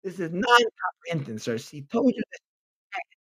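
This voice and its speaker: A man's voice: high voice, very animated, moderate pace, sharp tone, dry recording, low-quality recording. A man hosting a comic advice bit, handing out blunt, profane mock-doctor diagnoses. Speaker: podcast host. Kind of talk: comic advice bit reading messages aloud.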